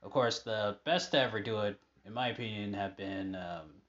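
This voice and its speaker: A man's voice: fairly low pitch, moderate pace, a bit bright, highs cut off. A man casually chatting over old match footage, rambling with many fillers and asides. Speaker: fan commentating on old matches.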